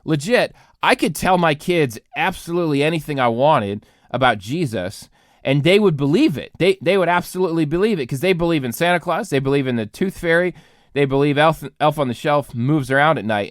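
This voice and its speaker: A man's voice: fairly high pitch, lively intonation, brisk, dry recording, studio quality. A congested man, a pastor co-hosting a podcast, talking earnestly in casual chat with many restarts.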